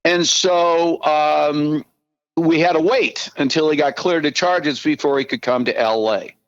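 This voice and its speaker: A man in his sixties, a podcast guest, telling animated, profane anecdotes in casual talk. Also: a little high, a little slow, smooth, no room sound, highs cut off. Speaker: podcast guest, former team spokesman.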